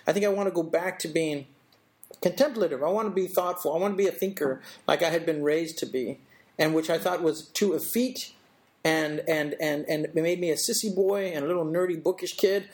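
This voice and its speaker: In a slightly mellow, fairly high-pitched voice, a middle-aged interview guest shares a personal story. He's thoughtful but halting, restarting often and acting out little bits of quoted speech.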